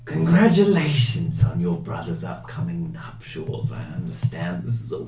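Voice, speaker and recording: A man voicing a mysterious, unsettling male fey patron who speaks smoothly and ceremoniously in a tabletop game. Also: mid-range voice, very animated, normal speed, music in the background, voice pushed up. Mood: courtly. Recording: roomy, distant, noisy.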